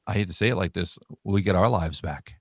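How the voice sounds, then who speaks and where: A man's voice: low voice, a little fast, breathy edge, no echo. An older man in a casual video-call chat who rambles, restarts often and laughs easily. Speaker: parent and grandparent sharing a family court story.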